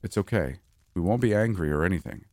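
A man voicing a calm young father who talks in a soothing, gentle way. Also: sits low, quick pace, dry recording, studio quality.

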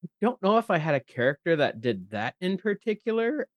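A man guest in a casual podcast chat, animated and jumping in and out of character voices. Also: high voice, a little fast, no echo, dull audio. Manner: animated, slips into character voices mid-sentence.

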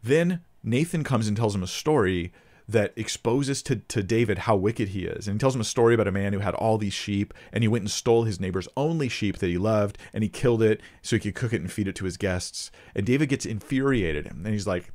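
Low-voiced man teaching scripture. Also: fairly quick, a little mellow. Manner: thinks aloud, restarts, reads scripture passages with emphasis. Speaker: Bible teacher answering viewer questions. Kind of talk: casual teaching Q&A.

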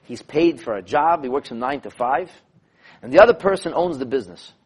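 Male rabbi, teaching a class, animated storytelling, repeats for emphasis, husky voice. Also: mid-range voice, fairly quick. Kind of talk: lecture with storytelling.

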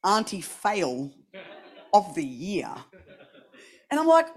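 A woman's voice: mid-range voice, a little slow, pauses often. A young adult woman preaching a sermon, telling a personal story and acting out the voices in it. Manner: animated, acts out voices in anecdotes.

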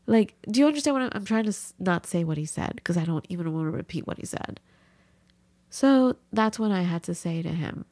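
Gravelly-voiced woman telling a story. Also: a little fast, no echo. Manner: animated, acts out quotes with big pitch jumps. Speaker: podcast host. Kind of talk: casual storytelling chat.

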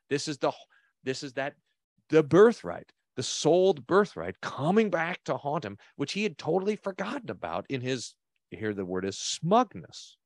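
A man's voice: mid-range voice, dry recording. A man, a pastor, reads an old text aloud and stops to comment on it, leaning hard on key words. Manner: expressive reader who leans hard on key words.

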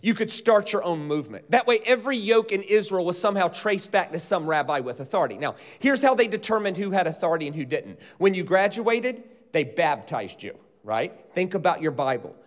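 A man preaching a sermon, teaching with animated delivery and leading the congregation in call-and-response. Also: sits high, fairly quick, hardly any pauses. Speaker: pastor. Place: church auditorium.

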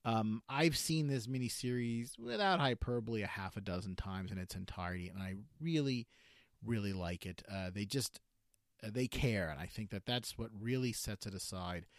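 A man with a lowish voice talks through an unscripted review, pausing on "uh" and "um" and correcting himself as he goes. The sound is close and dry, with no room around it. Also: no echo. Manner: halting, many filler words and self-corrections.

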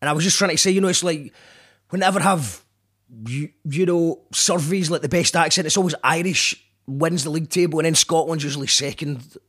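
A man's voice: fairly high pitch, fairly quick, a bit bright, breathy edge. A Scottish man hosting a radio show, rambling, joking and apologizing in a casual monologue. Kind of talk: casual self-deprecating monologue.

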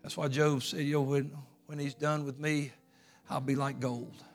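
A man's voice: on the high side, little pitch movement, unhurried. Male pastor, folksy then fervent preaching, light music underneath. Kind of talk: sermon.

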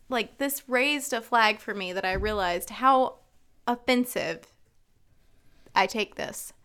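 A woman in her thirties from North Carolina, co-hosting a chat podcast and ranting in an animated, laughing way. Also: fairly high pitch, clean tone. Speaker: podcast co-host. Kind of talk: casual chat.

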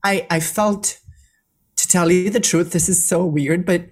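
A middle-aged woman from Serbia, a guest telling a personal story in an earnest way, halting and restarting as she gets emotional. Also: on the low side, fairly even intonation, husky.

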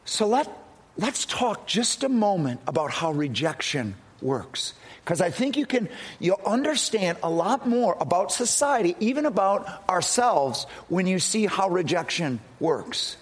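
Husky man, middle-aged, earnest preacher, story-driven sermon, restarts a lot. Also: high-pitched, very animated, unhurried. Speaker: pastor.

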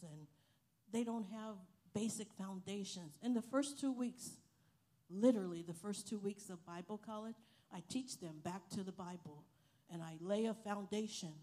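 A woman preaching a sermon, telling a story slowly and building to loud, emphatic praise. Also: medium pitch. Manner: slow, emphatic preaching that swells to loud hallelujahs. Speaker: missionary preacher and Bible college teacher.

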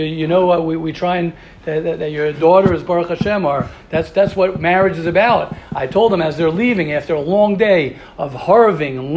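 A man's voice: sits high, darkish tone. A man giving a passionate, informal Torah talk as a yeshiva rabbi, often repeating words and restarting.

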